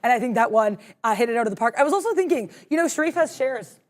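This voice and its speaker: A woman's voice: a little high, expressive. A woman co-hosting a live trading show, chatty and bubbly, fond of puns, reading chat and giving market commentary. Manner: bubbly, talks fast, loves puns. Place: studio with green screen.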